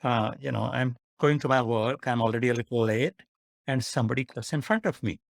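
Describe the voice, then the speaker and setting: A man, a psychiatrist guest, explaining with worked examples in an earnest manner, pausing with "uh". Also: medium pitch, vocal fry, dry recording, studio quality. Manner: earnest and animated, with "uh" pauses.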